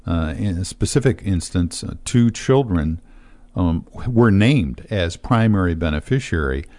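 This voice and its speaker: A middle-aged man, a financial advisor, explaining estate matters in casual talk-show chat, steady with frequent fillers. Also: sits low, unhurried.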